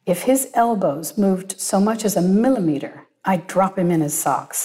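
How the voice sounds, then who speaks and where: A woman narrating a first-person story in a measured, reflective way. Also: lowish voice, animated, mellow.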